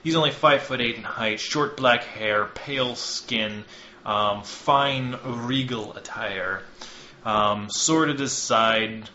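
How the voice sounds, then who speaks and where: Bright-voiced man running a game. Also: medium pitch, takes it slowly, slight background noise. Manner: casual, joking, many ums. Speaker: game master and podcast host. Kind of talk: narrating a tabletop game. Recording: dull, roomy lo-fi recording.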